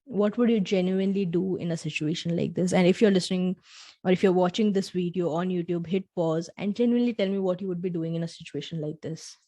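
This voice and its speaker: A woman's voice: lowish voice, fast talker, warm tone. A young adult woman hosting a solo podcast. She talks earnestly and straight to the listener, acting out small dialogues as she tells a story. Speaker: podcast host.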